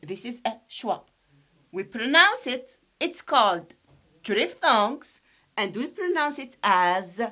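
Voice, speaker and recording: A woman teaching an English pronunciation lesson, slowly and deliberately, repeating each sound for her students and explaining some points in Arabic. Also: a little high, sharp tone. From Algeria.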